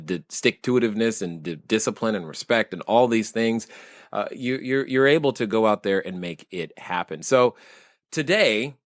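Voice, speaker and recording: A man's voice: on the low side, no room sound, clean studio sound. A man hosting a podcast interview, laughing often and restarting his sentences as he talks. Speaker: podcast host. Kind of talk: casual interview chat.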